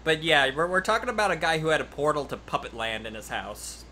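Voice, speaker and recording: Man, casual gaming chat, teasing, bossy, bright voice. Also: fairly high pitch, sing-song, fast, a little hiss or hum. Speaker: card game player.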